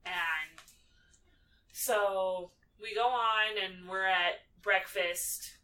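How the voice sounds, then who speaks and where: A woman's voice: mid-range voice, steady tone, extremely slow, pushed and bright. A young woman co-hosting a podcast, casually recapping a film in a breezy way, swearing now and then and acting out characters. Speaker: podcast co-host. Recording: distant mic, faint background noise.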